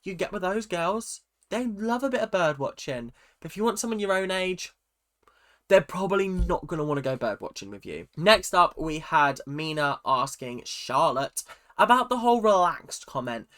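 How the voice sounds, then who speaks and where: With a high, pushed, bright voice, this man delivers animated commentary at normal speed. He's a reality TV YouTuber doing a loose, opinionated recap, talking a lot and swearing without restraint.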